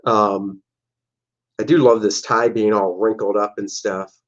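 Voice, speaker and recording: A man's voice: lowish voice, steady tone, a little slow, lo-fi sound. A man, a comic artist, casually talking through his own old artwork, joking and making silly sound effects. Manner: jokey, playful, makes silly sound effects.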